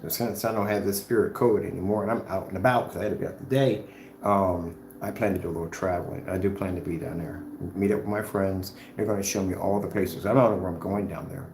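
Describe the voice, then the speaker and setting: A man's voice: deep voice, fairly even intonation, quick pace, echoey room, background noise. A man talking off the cuff in a vlog, combative and repetitive, trash-talking his rivals before drifting into loose chat. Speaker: screen paint maker and vlogger.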